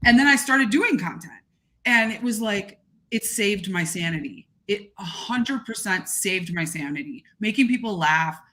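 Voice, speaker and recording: A gregarious, expressive woman talking casually as a podcast guest. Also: medium pitch, normal speed. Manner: gregarious, animated, expressive talker. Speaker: guest content creator.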